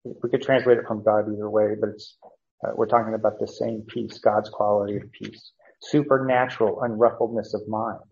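Man, gravelly voice, slow halting Bible teaching, dull lo-fi recording. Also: lowish voice, flat delivery, a little mellow. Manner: slow, halting, many fillers and restarts, chuckles to himself.

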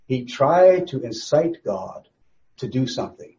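Animated man teaching a Bible study. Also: medium pitch, measured pace, lo-fi sound. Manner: emphatic, rhetorical questions, repeats phrases.

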